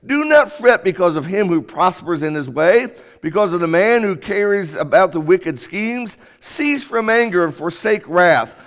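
High-voiced man preaching in a reverberant hall. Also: lively intonation, unhurried, few pauses, fairly bright tone. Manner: emphatic, rising and falling sharply for emphasis. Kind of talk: sermon. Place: church auditorium. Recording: long reverb of a church hall.

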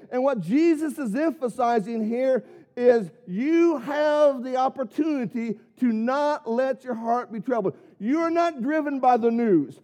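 A man's voice: very high-pitched, dark tone. A man preaching a sermon, earnest, with many rhetorical questions and punched key words. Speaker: pastor.

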